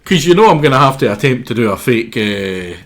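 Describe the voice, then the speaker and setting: Male streamer, sore throat, rambling and self-deprecating, lively pitch. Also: fairly quick, soft background music. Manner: rambling, self-mocking, stumbles over words. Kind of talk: casual game commentary.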